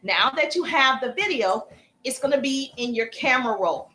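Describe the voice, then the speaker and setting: A woman coaching viewers on a live stream, chatty and energetic, breaking off to thank viewers as she teaches. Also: sits high, moderate pace, a little hiss or hum. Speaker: social media coach.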